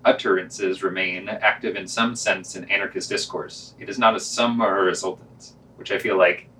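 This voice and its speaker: A man co-hosting a podcast, reading short reviews and asking questions in a measured, plain way. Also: sits low, fairly even intonation, bright, forceful tone, slight background noise. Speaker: podcast co-host. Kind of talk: podcast reviews and casual discussion.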